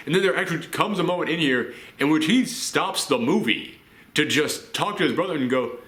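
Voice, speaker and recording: A man's voice: a little high, moderate pace. A man giving a casual spoken film review, chatty and full of "uh" fillers. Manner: chatty, frequent "uh" fillers, lively asides. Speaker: movie reviewer. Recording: echoey room.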